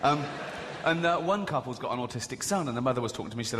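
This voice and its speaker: A man's voice: medium pitch, expressive, racing, noisy background. Crude sarcastic stand-up man. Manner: sarcastic, crude, self-mocking storytelling. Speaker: stand-up comedian. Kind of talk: stand-up comedy routine. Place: large theatre stage with audience. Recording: live hall recording with loud audience. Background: audience laughter.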